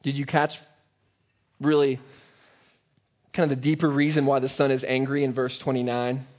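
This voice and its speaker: A man's voice: mid-range voice, little pitch movement, moderate pace. A man preaching a sermon and often asking his listeners questions, recorded on a dull, lo-fi track. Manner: engaging, asks the listeners rhetorical questions. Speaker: pastor.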